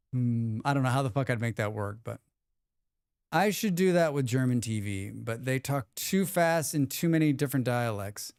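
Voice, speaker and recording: A man's voice: medium pitch, animated, moderate pace, a little mellow, clear, resonant tone, no room sound, studio quality. A young man chatting casually on a live stream, rambling and reading chat messages aloud, now and then swearing. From United States.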